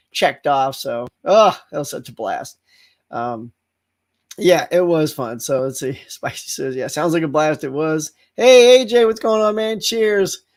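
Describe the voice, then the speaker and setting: A middle-aged man hosting a casual livestream chat, telling stories with lots of laughter and acted-out yells. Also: on the high side. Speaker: host.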